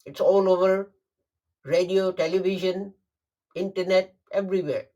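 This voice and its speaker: A man delivering a Friday sermon, emphatic and deliberate, repeating phrases for stress. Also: high voice, steady tone, mellow, highs cut off. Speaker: preacher.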